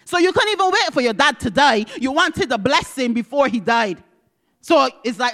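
A woman preaching a personal testimony, dramatic, moving from loud exclamations to hushed whispers and acting out dialogue. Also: on the high side, animated, fairly quick. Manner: acts out quoted dialogue with God.

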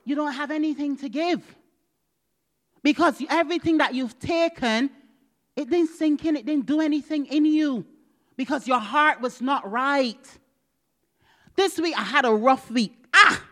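A woman preaching a personal testimony, dramatic, moving from loud exclamations to hushed whispers and acting out dialogue. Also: high voice, measured pace, long pauses. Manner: acts out quoted dialogue with God.

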